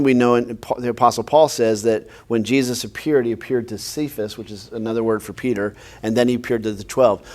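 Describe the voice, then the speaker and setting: A man, a pastor, teaching a Bible class in a conversational way, often quizzing his listeners with questions. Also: medium pitch.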